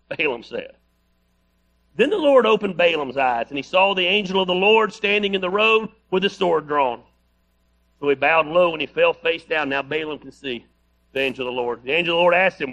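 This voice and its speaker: A man's voice: a little high, lively intonation, moderate pace, fairly bright tone. A male pastor preaching a sermon, reading scripture aloud with playful, joking asides.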